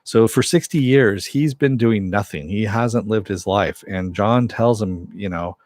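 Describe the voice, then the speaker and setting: A man talks through a TV episode in a loose, rambling way, full of fillers and backtracking. His voice sits a little low. The sound is dry and close. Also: measured pace, darkish tone, no echo. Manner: rambling, many fillers and self-corrections. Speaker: TV show reviewer. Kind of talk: casual episode recap.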